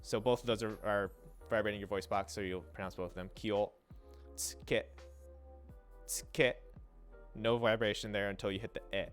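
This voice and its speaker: On his livestream, a young man gives a casual Japanese pronunciation lesson, his fairly low voice holding a steady tone. He often trails off and starts over, and demonstrates each syllable slowly. Soft, faint music sits in the background.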